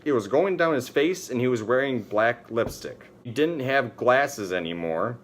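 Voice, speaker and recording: A man's voice: medium pitch, a little slow. Man reading aloud in a plain voice. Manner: reads flatly, breaks into disbelief. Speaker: comedy reader.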